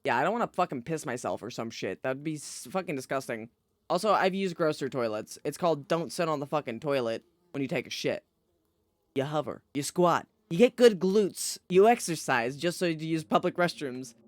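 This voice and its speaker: A man's voice: a little high, animated, a little fast, no room sound. A young man casually chatting and joking while streaming a story game, playful and profane. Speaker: gaming streamer. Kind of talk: casual let's-play commentary.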